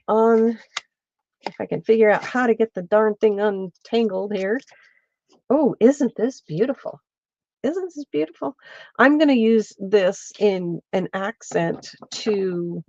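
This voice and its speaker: Woman, craft livestream host, unhurried chatty delivery, dry slightly muffled sound. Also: medium pitch, warm tone, dry recording. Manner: chatty, thinks aloud, greets viewers by name. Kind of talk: casual livestream stitching demo. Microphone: streaming setup mic.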